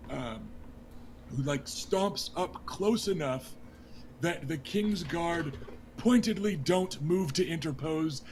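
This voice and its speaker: A man's voice: a little high, a little hiss or hum. A man narrating a tabletop game as game master in a casual, joking way. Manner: casual and joking, with laughs and fillers.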